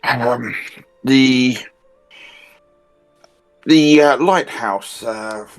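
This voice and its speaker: A man playing a tabletop role-playing game, speaking in character, halting and polite. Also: mid-range voice, faint music behind, low-quality recording. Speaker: player.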